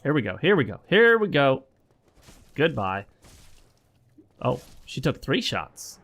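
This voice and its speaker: A man's voice: medium pitch, very animated, unhurried, vocal fry, fairly bright tone, slightly rough. A man hosting his own gaming channel, chatting casually and with strong opinions while he plays, sounding a bit sick. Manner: rambling, opinionated, talks straight to viewers. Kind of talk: casual gameplay commentary. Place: home.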